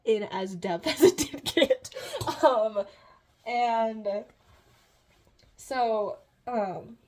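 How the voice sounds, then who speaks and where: A woman with a fairly high voice recapping a book in a loose, chatty way. She rambles, stumbles over fillers and giggles often as she retells the plot. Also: extremely slow. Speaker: book reviewer.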